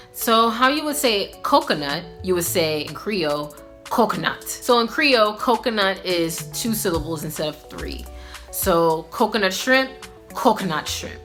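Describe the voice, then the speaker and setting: A young woman gives a casual, upbeat language lesson. Her voice sits a little low but rings bright and forceful, full of fillers as she chats. Soft music plays faintly behind her. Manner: chatty, filler-heavy, upbeat. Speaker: language teacher vlogger.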